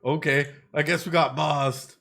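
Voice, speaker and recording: A man, a psychologist, giving excitable let's play commentary, exclaiming and musing aloud. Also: a little high, measured pace, gravelly, a little hiss or hum. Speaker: psychologist playing a game on stream.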